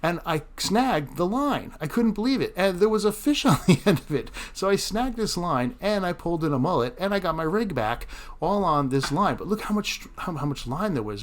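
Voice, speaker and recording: Man, fishing vlog, quick talker, chatty, laughs at himself. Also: medium pitch, a little hiss or hum. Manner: chatty, laughs often, self-deprecating. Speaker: fishing vlogger. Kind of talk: casual vlog narration.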